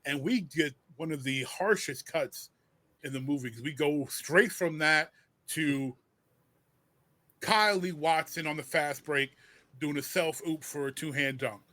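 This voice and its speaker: Male podcast host, a bit higher-pitched, playful roasting tone with lots of restarts. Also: a little slow, sharp tone. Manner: joking, stumbling restarts, roasting the film. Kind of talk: casual podcast chat.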